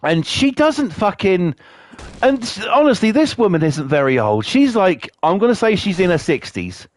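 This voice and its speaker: A man with a Norfolk accent chats away while playing a game, his voice swinging high and low as he tells rambling, sweary stories. He sits a little above the usual pitch for a man, and the sound is close and dry with no room echo. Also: sing-song, normal speed. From Norfolk, England. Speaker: game streamer. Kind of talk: casual chat while playing.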